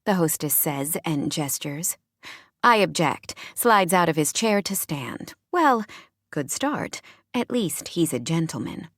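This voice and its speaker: A woman's voice: low voice, sing-song, slow pace, a bit bright, no echo. A woman narrating a romance audiobook in the first person, with a bubbly, upbeat manner. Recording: dry close studio sound.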